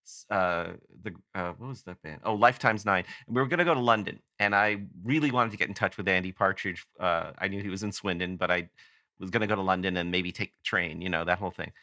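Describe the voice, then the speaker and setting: A man from Canada with a low, bright, forceful voice, spinning a rambling podcast anecdote and stopping often to correct himself. The sound is close and dry, with no room around it. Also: fast, no room sound. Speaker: guest author. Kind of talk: casual podcast storytelling.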